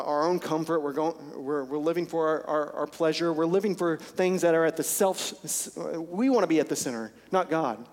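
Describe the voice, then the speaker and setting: A male pastor preaching a sermon in a church service, earnest and intense, repeating phrases for emphasis. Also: on the high side. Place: church sanctuary during a service. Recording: long church hall reverb.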